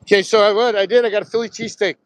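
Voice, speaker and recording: A man in his sixties from Southern New Jersey talks in a rambling, storytelling way, dropping casual swears along the way. His voice sits fairly high for a man. He is live streaming on a phone as he walks along a beach. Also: steady tone, racing, no room sound, poor audio. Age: 60s. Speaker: live streamer, retired Marine pilot. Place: outdoors on a beach, walking. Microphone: phone held while walking.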